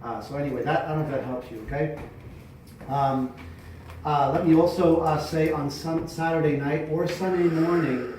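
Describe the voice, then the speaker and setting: A middle-aged male pastor giving casual, chatty advice to other preachers, sometimes projecting loudly from the diaphragm. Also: on the high side, normal speed. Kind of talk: informal teaching talk to preachers. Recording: echoey room, mic at a distance, faint noise.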